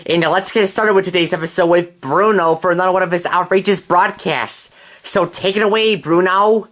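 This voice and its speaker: A man's voice: high voice, a little fast, fairly bright tone. A man voicing a cheerful young puppet host opening a homemade puppet show. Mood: upbeat.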